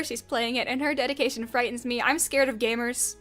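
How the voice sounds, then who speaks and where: A woman's voice: on the high side, steady tone, a little fast, fairly bright tone, soft background music. A woman performing a mock-dramatic comedy skit as a streamer, theatrical and giggly. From United States.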